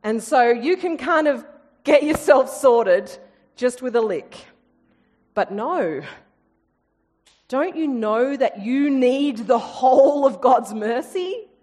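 A woman preaching in a slightly high voice at an unhurried pace. She tells the story with lively asides and humour, and a long reverb rings through a big hall behind her. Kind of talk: sermon.

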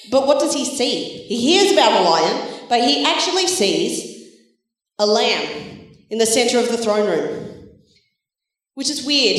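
A woman giving an encouraging, animated Bible talk to children in a church. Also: fairly high pitch. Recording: very echoey hall, voice from far off.

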